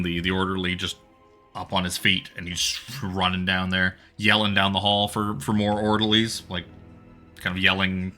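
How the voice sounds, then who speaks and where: A man's voice: sits low, bright, forceful tone. A man narrating as game master of a tabletop horror game, loose and chatty with many fillers and restarts.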